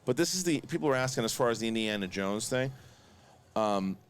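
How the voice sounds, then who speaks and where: Animated man giving excited commentary. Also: mid-range voice, clear, resonant tone. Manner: excitable, talks fast in bursts, laughs often. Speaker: host. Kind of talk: casual watch-along review commentary.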